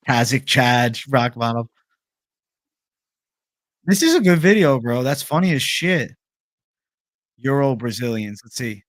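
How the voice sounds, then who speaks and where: A man's voice: medium pitch, expressive, a little slow, long pauses, dry recording, studio quality. A young man hosting a casual livestream, reading viewer questions aloud in a laid-back, profane bro manner. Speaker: livestream host.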